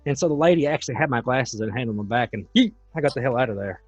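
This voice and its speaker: A man hosting a podcast, telling a story in a loose and animated way. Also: mid-range voice, fast talker, dry recording, faint music behind. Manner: animated, tells stories in a loose, chatty way. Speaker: podcast host. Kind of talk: casual storytelling. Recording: dull, dry, lo-fi sound.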